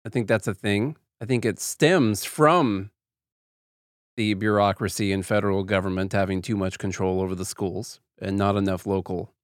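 A man's voice: lowish voice, steady tone, normal speed, dry recording, studio quality. A man hosting a podcast, talking in a sarcastic, opinionated and rambling way. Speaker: podcast host. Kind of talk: casual commentary.

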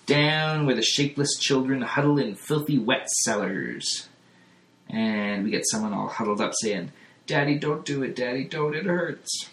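A man co-hosting a podcast, recapping a comic in animated, casual storytelling. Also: medium pitch, roomy sound. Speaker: podcast co-host.

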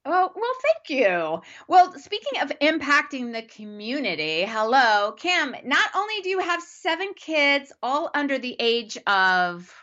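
This is a woman hosting a faith-based interview podcast. She talks with emphatic enthusiasm and laughs easily. Her voice is bright and full of rising and falling melody. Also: high voice, sing-song, unhurried, hardly any pauses, lo-fi sound. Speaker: podcast host.

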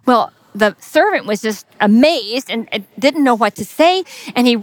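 A woman retelling a parable in a sermon, expressive and sometimes dropping to a whisper for emphasis. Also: fairly high pitch, moderate pace, few pauses, no room sound. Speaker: speaker giving a devotional message. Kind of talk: sermon storytelling.

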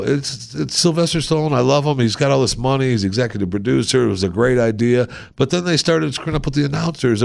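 A man's voice: medium pitch, creaky. A man hosting a podcast in a casual, wry, self-deprecating way, joking as he reads out listener reviews. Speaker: podcast host.

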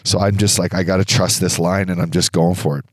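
A man co-hosting a casual podcast, telling a story in an animated way, swearing and acting out the voices of other people. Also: deep voice, brisk, no echo, studio quality. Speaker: podcast co-host.

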